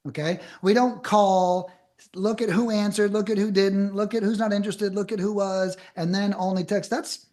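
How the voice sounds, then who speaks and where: A man on a podcast as a guest, giving blunt, emphatic advice in fast bursts with casual swearing. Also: sits high, darkish tone.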